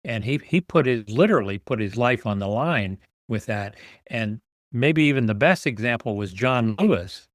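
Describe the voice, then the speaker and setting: A man's voice: mid-range voice, fairly bright tone, no room sound, studio quality. A man in his sixties, a podcast guest, telling his story earnestly and repeating words as he builds each point. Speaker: guest, author and nonprofit founder.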